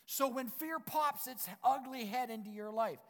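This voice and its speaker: High-voiced preaching man in a reverberant hall. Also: normal speed. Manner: emphatic, repetitive declarations, rising to loud preaching. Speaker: pastor. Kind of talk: sermon. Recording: long reverb of a church hall.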